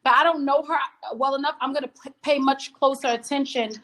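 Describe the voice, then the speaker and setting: Really high-pitched lady host, all exclamations, noisy background hiss. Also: a little fast. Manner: animated, exclamatory, laughs often. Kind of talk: casual chat.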